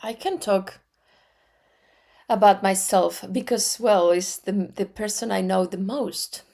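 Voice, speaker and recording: A woman in her forties with an Argentine Spanish accent, teaching metaphysics in a slow, deliberate way with frequent restarts. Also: medium pitch, steady tone, creaky, dark tone. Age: 40s. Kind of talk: spiritual teaching talk.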